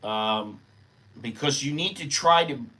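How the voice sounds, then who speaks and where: An older man with an American accent rambles through an unscripted vlog monologue, thinking aloud as he goes. His voice has a bright, forward edge, and his pitch sits in the middle of the male range. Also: takes it slowly. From United States. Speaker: vlogger living in Thailand.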